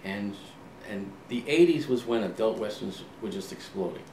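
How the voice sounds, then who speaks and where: A man in his sixties, an author being interviewed, telling relaxed anecdotes and acting out old conversations, with frequent ums and restarts. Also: fairly low pitch, normal speed. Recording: roomy, distant mic, faint ambient hum.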